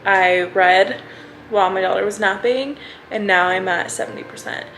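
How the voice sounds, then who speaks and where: A young woman vlogging about her reading in an easygoing, unscripted way. She gushes and rambles, stringing thoughts together with constant fillers. Her voice sits at an everyday middle pitch. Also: moderate pace, fairly bright tone, slight background noise, rough recording. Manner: gushing, rambling, many "like" fillers. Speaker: book vlogger. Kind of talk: casual reading vlog chat.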